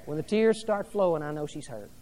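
A male pastor preaching a sermon to a congregation, rising loud and dropping soft by turns. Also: a little high, lively intonation, brisk, long reverb tail. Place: church hall with an audience.

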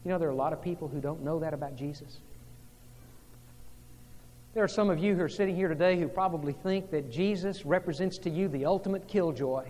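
A man preaching a sermon as pastor, moving between hushed, intimate passages and emphatic, rising delivery. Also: fairly high pitch, fairly quick, long reverb tail.

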